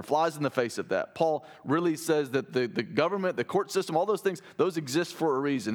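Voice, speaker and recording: A man preaching a sermon in a conversational way, asking his listeners rhetorical questions. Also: mid-range voice. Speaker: pastor.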